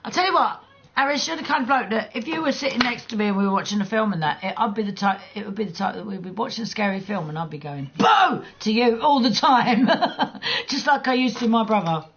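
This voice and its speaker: A woman's voice: medium pitch, lively intonation, fast talker, dull audio, a little hiss or hum. A woman livestreaming a game, chatting casually with viewers in a blunt, teasing way, swearing freely and laughing often. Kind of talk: casual chat while gaming.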